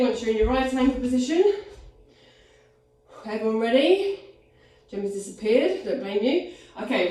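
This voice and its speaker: Winded pilates teacher on a video call, counting and cueing from across a very echoey room. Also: female voice, a little high, darkish tone. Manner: counts reps aloud, upbeat encouraging cues. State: out of breath. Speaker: pilates instructor. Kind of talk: live online fitness class cueing. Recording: echoey room, distant from mic.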